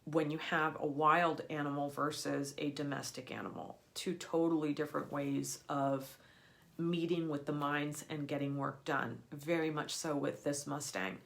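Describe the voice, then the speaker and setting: A woman with a voice a little lower than most gives a live teaching talk as an energy healer. She explains her points earnestly and stresses key words with emphasis. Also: fairly even intonation, normal speed, gravelly, fairly bright tone. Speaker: energy healer for people and animals.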